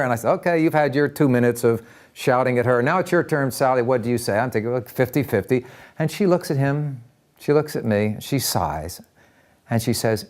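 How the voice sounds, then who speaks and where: An older man telling personal stories in an interview, animated, acting out voices and often repeating words as he talks. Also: mid-range voice, a little fast. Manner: lively, acts out voices in anecdotes, repeats words. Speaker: interviewee, counselor.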